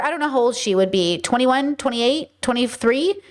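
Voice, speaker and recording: A woman with a slightly high voice talks through a clip on her stream. She muses out loud and puts questions to her chat and to herself in a loose, casual way. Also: expressive, moderate pace. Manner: thinks aloud, asks chat and herself questions. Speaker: streamer reacting to a video. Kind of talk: casual live-stream commentary.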